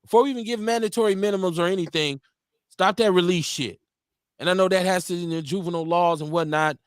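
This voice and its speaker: Casting: Milwaukee man, slightly high voice, dry close mic, loose and profane. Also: quick pace, clear, resonant tone, dry recording. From Milwaukee, Wisconsin. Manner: loose, profane, laughs often. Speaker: radio show host. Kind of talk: casual chat.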